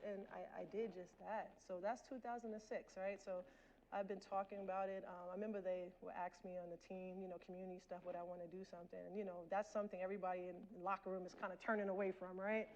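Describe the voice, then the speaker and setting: A woman's voice: mid-range voice, flat delivery, fast, a little mellow, muffled recording, slight background noise. A woman in her forties giving a candid personal storytelling talk as a guest lecturer, speaking straight to the audience. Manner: candid, addresses the audience directly. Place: lecture hall.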